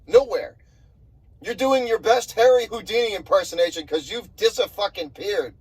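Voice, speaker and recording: A young sports vlogger, his high-pitched voice brisk with a breathy edge, tears into his basketball team in an angry rant captured on a rough recording. Exasperated, he swears and keeps repeating himself.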